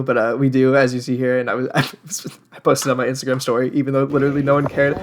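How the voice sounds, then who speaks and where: A man's voice: mid-range voice, steady tone, fast talker. A young man giving casual voice-over commentary, chatty and self-deprecating, often laughing at himself. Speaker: vlogger.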